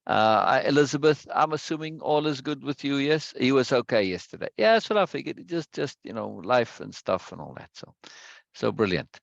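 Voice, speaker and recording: Male study-group host, low gravelly voice, dry dull lo-fi sound, chatty and repetitive greeter. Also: lively intonation, a little fast, no echo. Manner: repeats phrases, greets viewers one by one. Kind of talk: casual livestream chat before a reading session.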